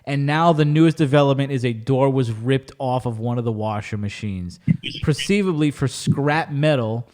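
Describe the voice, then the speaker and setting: Animated man telling stories on a podcast. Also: medium pitch, normal speed. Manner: animated storyteller, swears casually. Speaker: podcast host. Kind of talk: casual chat.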